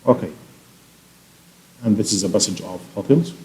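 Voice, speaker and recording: A man's voice: fairly low pitch, moderate pace, a little mellow, low-quality recording. A man teaching a class, walking through answers one by one with filler words. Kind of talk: classroom instruction.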